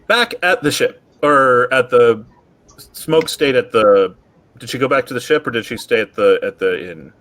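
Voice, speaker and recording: A man running a tabletop role-playing game, explaining rules and narrating events in a relaxed way. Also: medium pitch, normal speed. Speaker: game master.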